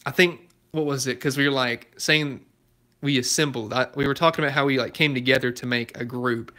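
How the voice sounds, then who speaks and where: A young man from Alabama hosts his own car channel and chats casually with viewers. His voice is bright and forward, with an easygoing manner, and he laughs often. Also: medium pitch, steady tone, fairly quick. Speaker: YouTube car channel host. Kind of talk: casual chat answering live viewer comments.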